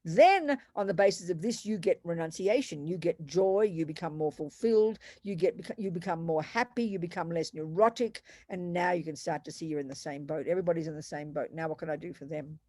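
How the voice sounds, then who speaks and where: A woman's voice: lowish voice, a little fast, few pauses, warm tone, no echo. Emphatic, direct woman nun teaching a class; dry, close recording. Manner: emphatic, direct, calls people sweetheart. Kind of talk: teaching and answering questions.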